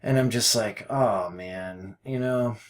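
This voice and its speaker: A man talking casually as a forex trading mentor, rambling and self-deprecating, swinging between low mutters and loud outbursts, with folksy phrases and mild cursing. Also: slow pace. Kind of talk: casual screen-share trading commentary.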